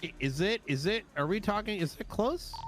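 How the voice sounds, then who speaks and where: A man chatting in character with another roleplay player, talking in a halting way full of restarts and fillers. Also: sits high, expressive, background noise. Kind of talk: casual in-character chat.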